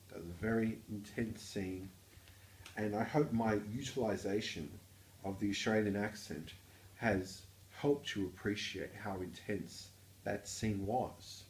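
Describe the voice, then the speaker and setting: A man giving a mock-formal, pompous and deadpan introduction as a guest reader. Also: on the low side, a little slow, echoey room, slight background noise.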